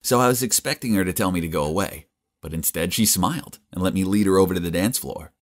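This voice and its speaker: A man narrating a first-person animated story in a casual, cocky way. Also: deep voice, fast talker.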